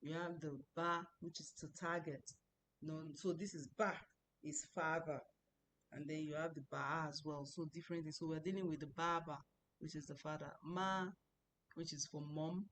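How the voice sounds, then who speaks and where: A woman's voice: low-pitched, steady tone, normal speed, a bit bright, a little hiss or hum. A woman teaching an online language class, patiently repeating words and tones many times over, explaining as she goes. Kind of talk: online lesson. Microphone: computer mic, speaking to a screen.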